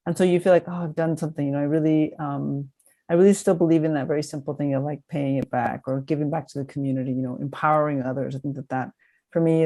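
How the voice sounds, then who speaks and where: A woman professor speaking over a video call with a mellow, dark tone. She talks earnestly, pausing and searching for words as she works through her answer. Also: deep voice. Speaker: history professor, panel guest. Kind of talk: casual reflective discussion.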